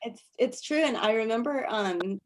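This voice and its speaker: Coaching through a relaxed video-call workshop, this woman speaks with a fairly high pitch and lively intonation at a moderate speed. Her style is chatty, full of laughter and frequent restarts.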